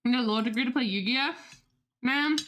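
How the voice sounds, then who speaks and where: A woman's voice: a little high, moderate pace, fairly bright tone, a little hiss or hum. A young woman streaming, chatting casually with viewers, talkative and swearing freely with laughing asides. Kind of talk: casual livestream chat.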